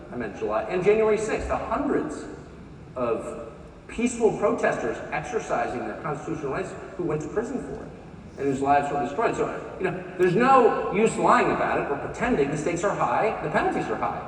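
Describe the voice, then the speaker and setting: In a large conference hall, a US man in his fifties delivers a sarcastic, mocking live speech in a sing-song, fairly high voice, talking a little fast. The recording is echoey and distant, with a faint crowd and a little hiss or hum.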